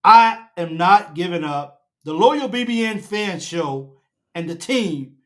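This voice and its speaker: A high-pitched man hosts a fan reaction show. He hammers his points with preacher-like repetition and climbs toward a shout. He speaks into his own camera setup. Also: animated, slow. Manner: emphatic, preacher-like repetition, rising to near shouting. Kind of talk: casual sports reaction chat. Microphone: own camera setup at home.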